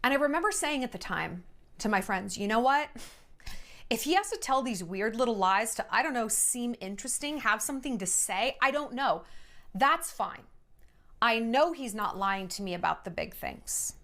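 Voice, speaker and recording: A woman's voice: fairly high pitch, animated, moderate pace, a bit bright. A woman telling a story about an ex in an emphatic, exasperated way, acting out what people said. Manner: emphatic, exasperated, acts out quotes. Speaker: TikTok storyteller. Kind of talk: casual venting storytelling.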